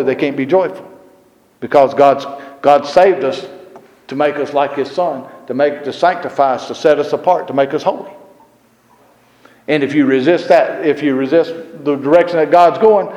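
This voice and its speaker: A man preaching a sermon. He rises and gets louder on scripture and repeats verse references as he goes. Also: on the high side, moderate pace, dull audio. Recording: roomy hall echo.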